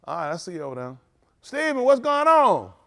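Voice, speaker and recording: A man pastor who jokes and banters with his livestream viewers by name, then teaches in an earnest, halting way. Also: high-pitched, huge pitch swings, gravelly, fairly bright tone. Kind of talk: livestream greeting and sermon.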